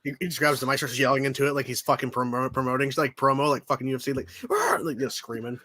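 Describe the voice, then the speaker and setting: A man hosting a casual online panel chat, joking in lively banter. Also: medium pitch, racing.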